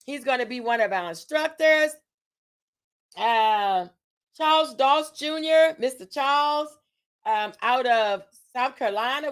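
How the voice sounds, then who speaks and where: A woman from Tampa, Florida, with a high, fairly bright voice hosts a casual livestream and organizes an event. She chats with her audience, reads out event details with fillers and self-corrections, and hypes the crowd using call-and-response.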